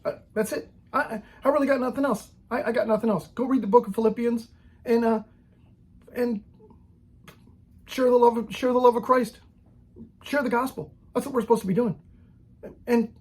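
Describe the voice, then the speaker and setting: A man's voice: very high-pitched, steady tone, moderate pace, pauses often, a little mellow, breathy edge. A man making an impassioned, preachy rant straight to camera for his video channel, blunt and full of repeated "okay?"s and restarts. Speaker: Christian video maker.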